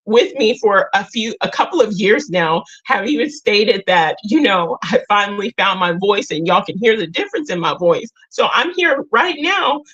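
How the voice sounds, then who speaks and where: A woman's voice: mid-range voice, animated, moderate pace, hardly any pauses, a bit bright, slightly rough, muffled recording. A middle-aged woman hosting a casual livestream. She talks straight to her viewers, earnest and emotional. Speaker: livestream host.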